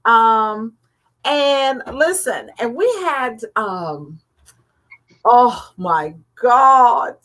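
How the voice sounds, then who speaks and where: A woman co-hosting a radio talk show, measured and hesitant, with frequent fillers. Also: fairly high pitch, expressive, fairly bright tone. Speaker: co-host. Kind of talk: casual chat.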